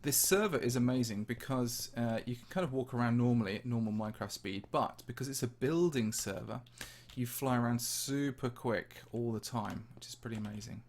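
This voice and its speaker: A Minecraft channel host from the English Midlands, with a slightly posh English accent, chats casually on a livestream, answering viewer questions while touring a game map. His voice is medium-pitched and fairly quick, with few pauses and slight background noise.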